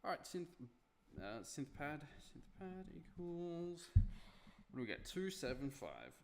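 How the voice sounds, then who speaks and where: A young man talks half to himself and half to his viewers, trailing off into wry, self-deprecating remarks. His voice is gravelly with plenty of fry, and it rises and falls freely. A faint background hiss sits under the recording. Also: mid-range voice, wildly swooping pitch, moderate pace. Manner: muttering to himself, self-mocking asides. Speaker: streamer. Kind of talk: casual live-stream talk while working.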